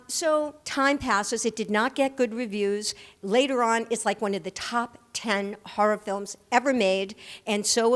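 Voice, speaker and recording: An older woman, an actress, telling lively anecdotes as the guest in a live stage interview, acting out the people she quotes. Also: medium pitch, long reverb tail. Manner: animated anecdote-teller who acts out the people she quotes. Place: large hall at a live audience event.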